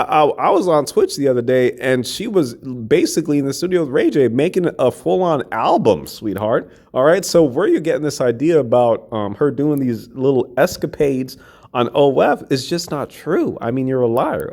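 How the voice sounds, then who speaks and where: A man reacting to celebrity posts in a gossip video, with a lively voice that swoops up and down at middle pitch. He mocks his target and addresses her directly, tacking on "all right?" and "sweetheart." His delivery is casual and scornful. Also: moderate pace, vocal fry. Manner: mocking, talks straight to the person he's roasting. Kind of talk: reacting to and reading social media posts.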